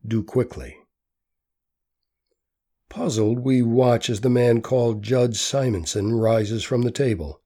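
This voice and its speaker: Male storyteller, scripted narration, slow and husky, mellow tone. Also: medium pitch.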